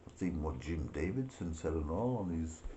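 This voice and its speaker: A man's voice: extremely low pitch, expressive, a little fast, dark tone, slight background noise. A man delivering a profane, sarcastic rant to camera, laughing between his remarks. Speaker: political vlogger. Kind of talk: ranting monologue.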